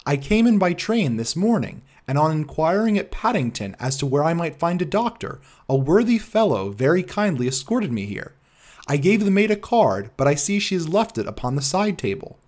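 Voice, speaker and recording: A man reading the part of a pale, shaken young engineer in an audiobook, his voice rising to high excited notes. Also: moderate pace.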